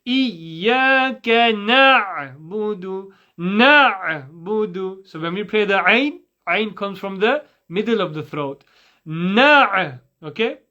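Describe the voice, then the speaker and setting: A man teaching Quran recitation, patiently breaking words into sounds and repeating them slowly for listeners to copy. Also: sits high, bright, forceful tone, muffled recording. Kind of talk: tajweed lesson with slow demonstrations.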